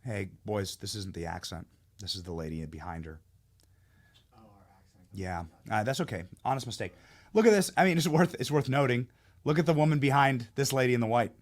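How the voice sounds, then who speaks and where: Speaking a little fast in a mid-range voice, a political commentary show host gives an opinionated monologue. His tone is heated, emphatic, and mocking.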